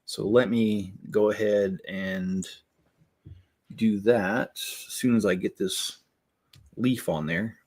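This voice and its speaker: A man's voice: on the low side, steady tone, slow pace, a little mellow. A man hosting a casual livestream while building Lego. He rambles with plenty of fillers and keeps breaking into laughter.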